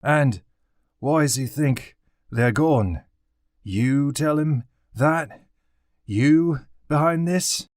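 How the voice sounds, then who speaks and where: A man's voice: medium pitch, normal speed, darkish tone, dry recording, clean studio sound, voice pushed up, lightly acted. A man reading an audiobook, voicing a blunt, suspicious male warrior who is out of breath.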